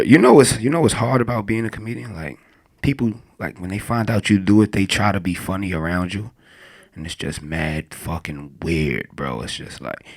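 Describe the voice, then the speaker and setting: A young man works through a stand-up set in a deep, low register with a gravelly edge. His delivery is crude and rambling, and he often breaks into laughter at his own jokes. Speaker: stand-up comedian.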